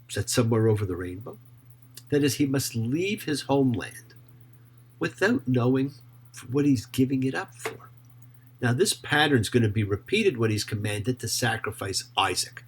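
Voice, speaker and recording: A man who is a rabbi, teaching Torah in an emphatic, expressive way and often asking rhetorical questions. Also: medium pitch, normal speed, breathy edge.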